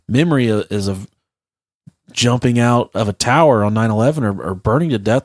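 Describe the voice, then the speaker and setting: A man in his thirties tells stories as a podcast co-host, loose and rambling, with plenty of swearing. His mid-pitched voice sounds close and dry. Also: dry recording. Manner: profane, rambling storytelling. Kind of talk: casual podcast chat.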